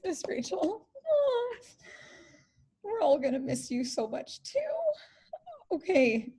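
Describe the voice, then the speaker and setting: A woman hosting an online graduation ceremony on a video call, introducing speakers and a little flustered. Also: high-pitched. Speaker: ceremony host.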